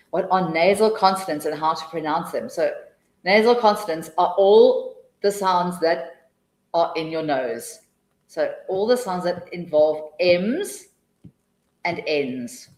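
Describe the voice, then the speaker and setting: A woman's voice: lowish voice, darkish tone. A woman presenting a teaching webinar, answering questions in a chatty, enthusiastic way with rambling explanations and restarts. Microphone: video call. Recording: echoey room.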